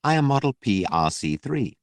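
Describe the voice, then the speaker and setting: A man's voice: medium pitch, very animated, normal speed, smooth, no echo, clean studio sound, voice pushed up. A man voicing a male librarian droid with a posh, clipped manner that sounds faintly disapproving. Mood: prim, polite.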